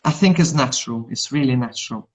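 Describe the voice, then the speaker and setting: A man's voice: medium pitch, quick pace, poor audio. A man whose first language is Hungarian, hosting a casual chat in English and keenly repeating his words. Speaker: host, English teacher.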